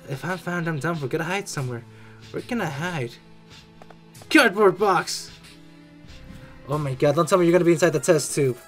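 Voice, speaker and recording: An excitable gamer joking and exclaiming while reacting to a game's death scenes. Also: medium pitch, moderate pace, pauses often, faint music behind. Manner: excitable, jokey, exclaims often and mimics characters. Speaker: reaction video creator. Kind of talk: casual game reaction commentary.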